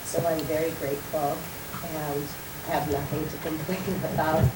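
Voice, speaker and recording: A mother who is under the weather giving a grateful, emotional public comment, halting as she speaks. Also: sits low, level tone. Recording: roomy hall, distant from mic, loud noise.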